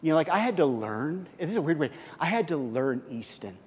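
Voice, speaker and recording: A male pastor preaching a conversational sermon, often repeating and restarting words, swinging between loud animated bursts and soft hushed stretches. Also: fairly high pitch, a little fast, slightly rough, big-room sound.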